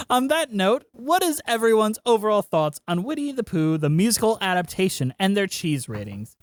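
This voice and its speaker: A woman's voice: mid-range voice, big pitch swings, normal speed. A woman hosting a chat podcast, blunt and teasing, swearing casually. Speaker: podcast host.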